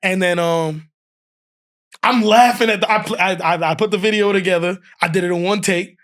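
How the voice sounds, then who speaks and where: A man's voice: high voice, normal speed. A man guest on a podcast telling a funny story in casual talk, laughing often and acting out what others said. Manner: animated, laughs often, acts out quotes.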